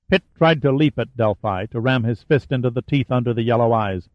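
Guy reading an audiobook, steady, kinda dull lo-fi recording. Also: medium pitch, fairly quick, hardly any pauses, no room sound. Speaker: audiobook narrator. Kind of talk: scripted narration.

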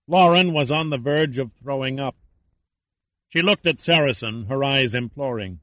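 A man reading a thriller novel aloud in measured, dramatic narration. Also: mid-range voice, fairly bright tone, no echo. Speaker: audiobook narrator. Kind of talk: scripted narration.

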